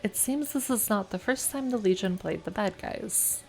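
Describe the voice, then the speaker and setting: This woman from the United States streams a game, reading its passages calmly and evenly and chatting loosely in between. Her medium-pitched voice carries vocal fry, and soft background music plays.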